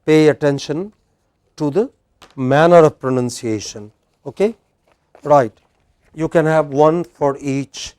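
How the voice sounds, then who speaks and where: A man's voice: a little high, slow pace, long pauses, darkish tone, smooth, no echo. A man teaching a class, chatty, restarting sentences and quizzing his students. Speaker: English teacher. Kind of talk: classroom instruction. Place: indoor classroom.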